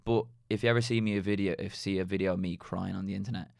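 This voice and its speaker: A man's voice: low voice, fast, creaky, dry recording, clean studio sound. A young Irish man chatting casually on a podcast, telling stories and acting out the things people said. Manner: animated storyteller acting out quoted remarks.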